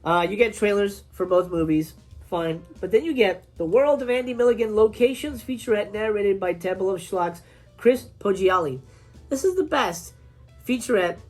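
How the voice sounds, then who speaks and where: A woman's voice: mid-range voice, moderate pace, soft background music. Ranting, swearing woman film reviewer. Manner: animated, swears a lot, acts out scenes in quoted voices. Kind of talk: casual, profane film review rant.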